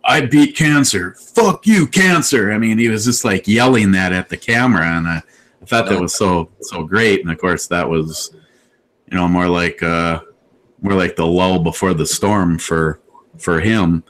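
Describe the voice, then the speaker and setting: A man's voice: sits low, steady tone, normal speed, fairly bright tone, rough recording. A man casually telling a rambling story on a live video chat, with lots of restarts and quotes he acts out. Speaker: live show host.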